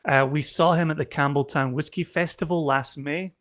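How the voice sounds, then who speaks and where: A man's voice: on the high side, fairly even intonation, moderate pace, fairly bright tone. A man who is a guest on a podcast, chatting casually and teasing his friend with stories. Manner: playful, teasing storyteller. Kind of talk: casual chat.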